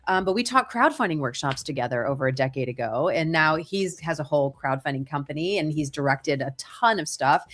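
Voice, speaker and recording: A woman's voice: deep voice, fairly bright tone. A middle-aged woman, an acting career coach and podcast guest, telling stories with energy and emphasis in a casual chat.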